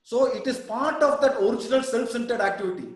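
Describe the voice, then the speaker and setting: A man's voice: extremely high pitch, fast talker. A man leading a reflective group discussion on an online call, posing probing questions and repeating words for emphasis. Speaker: mindfulness centre founder leading discussion. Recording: heavy echo on an online call.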